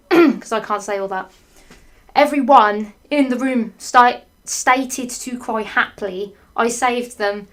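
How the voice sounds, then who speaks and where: A woman reading a badly written story aloud for comedy, breaking off for sarcastic, sweary asides, laughing and clearing her throat often. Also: a little high, slow pace, fairly bright tone. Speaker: fanfiction reader.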